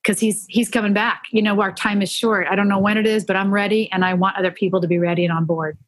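A woman guest telling earnest faith stories in a podcast conversation, animated and full of restarts. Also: medium pitch, fast, no room sound. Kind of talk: faith-based conversational storytelling.

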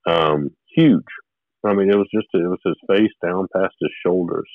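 A man's voice: low voice, dry recording, narrow, tinny audio. A man telling a personal spiritual story in a rambling way, with restarts and short laughs. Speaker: guest telling his testimony.

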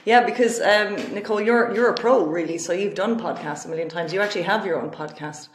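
A woman's voice: medium pitch, fast talker, reverberant. A woman hosting a podcast, chatting casually with playful teasing and ready laughter. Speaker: podcast host. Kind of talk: casual chat.

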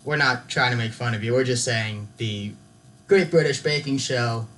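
A young man joking and laughing in a relaxed casual chat with a co-host. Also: medium pitch, normal speed, poor audio.

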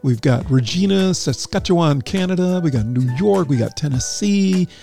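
A man's voice: on the high side, lively intonation, moderate pace, gravelly, warm tone. A man hosting a live radio and stream show, chatting casually with listeners and laughing at his own jokes. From North Carolina. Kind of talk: casual live show chat with chat roll call. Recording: music playing behind the voice.

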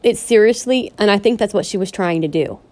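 A woman's voice: mid-range voice, expressive, fairly quick, darkish tone. A woman vlogger ranting in a personal vlog, pleading and upset, repeating herself and restarting her sentences. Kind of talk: emotional personal vlog rant.

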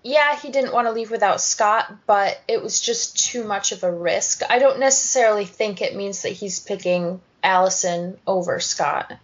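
A woman co-hosting a podcast, calmly reasoning through her points in casual chat. Her voice sits in a middle pitch. The recording sounds dull and lo-fi. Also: moderate pace, hardly any pauses. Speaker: podcast co-host. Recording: muffled lo-fi audio.

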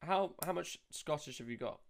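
A man's voice: a little high, lively intonation, moderate pace, vocal fry. A hungover man co-hosting a casual podcast, teasing his co-host with dry banter.

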